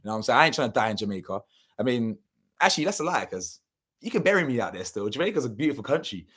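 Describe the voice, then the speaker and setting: Young man, husky, rapid, animated storytelling, slangy. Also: medium pitch. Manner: animated, slangy, swearing, acts out quotes. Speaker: channel host. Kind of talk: casual storytelling to camera.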